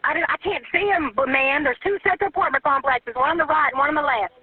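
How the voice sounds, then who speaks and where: A woman's voice: high voice, fast. Frantic crying woman on a phone line. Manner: frantic, pleading, stammering. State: panicked and crying. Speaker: 911 caller. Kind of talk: emergency phone call. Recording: tinny phone line recording.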